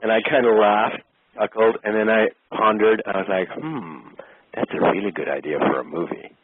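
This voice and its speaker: A husky, fairly low-voiced man recounts a story in an interview with plenty of animation, slipping into other people's voices as he quotes them. The sound is dry and tinny, like a phone line. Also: a little fast, no echo. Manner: lively, acts out quoted voices. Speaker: actor, interview guest.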